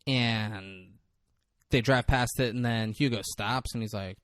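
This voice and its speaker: A man retells a film scene by scene for his podcast co-host, jumping into the characters' lines with loud, animated delivery. His voice sits in a middle register. The sound is dry and close, with little room echo. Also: mid-range voice, a little slow. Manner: animated, swears, acts out movie lines in big voices. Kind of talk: casual movie recap chat.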